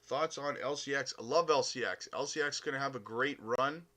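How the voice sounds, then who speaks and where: Bright-voiced Canadian man streaming. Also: medium pitch, brisk. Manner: upbeat, chummy, calls viewers buddy, many uh fillers. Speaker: crypto live stream host. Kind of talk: casual live stream chat reading comments.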